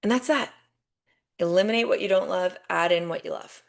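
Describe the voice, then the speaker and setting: A woman's voice: medium pitch, fairly quick, gravelly. A young adult woman hosting a podcast, giving an emphatic motivational monologue that swears freely and repeats phrases for punch. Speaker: podcast host.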